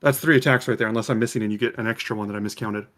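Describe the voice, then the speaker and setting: A man running a tabletop game as game master, who slows down when he describes the monsters. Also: lowish voice, fairly even intonation, a bit bright, faint music behind.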